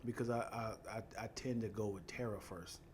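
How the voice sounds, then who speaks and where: A man's voice: on the low side, steady tone, normal speed, darkish tone, slight background noise. A man co-hosting a comedy podcast who laughs often and acts out conversations in casual chat. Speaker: podcast co-host.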